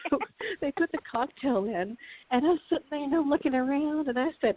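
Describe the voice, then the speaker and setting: A woman's voice: sits high, lively intonation, moderate pace, dry recording. A woman from Texas, a guest author, telling funny personal stories in a casual chat and laughing often. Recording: tinny phone-like line, dry.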